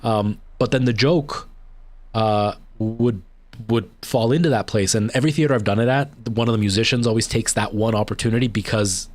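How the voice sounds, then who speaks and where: A man's voice: lowish voice, moderate pace. A man chatting casually on a livestream while he games, rambling through a long story with many fillers and restarts. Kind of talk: casual chat while gaming.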